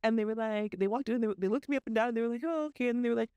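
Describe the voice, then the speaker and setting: A woman from Arizona co-hosting a podcast, chatty and animated as she shares her own experiences. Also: on the high side, very fast, clear, resonant tone, no echo, muffled recording. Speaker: podcast co-host. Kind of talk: casual interview chat.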